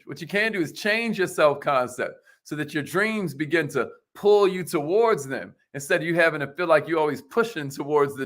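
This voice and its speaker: A man hosting a live motivational show, preaching with high energy in slangy casual talk and calling out viewers by name. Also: sharp tone.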